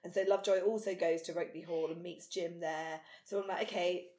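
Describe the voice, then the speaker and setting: A woman's voice: lowish voice, fairly even intonation, a little fast, dark tone. Podcast co-host: British woman, casual recap voice, loose and filler-heavy, room echo. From Britain. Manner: chatty, recaps the plot with many fillers. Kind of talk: casual chat recapping a TV episode. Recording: roomy echo.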